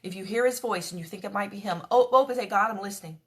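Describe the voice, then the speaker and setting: A woman giving a devotional talk in a mid-pitched voice, chatty and earnest. She slips into short quoted prayers and asides while she teaches. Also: quick pace. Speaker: devotional speaker.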